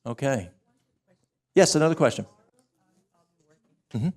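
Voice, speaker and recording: Gravelly man telling a story at a church workshop. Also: medium pitch, slow. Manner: animated storytelling, acts out dialogue. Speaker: health workshop presenter. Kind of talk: church health talk.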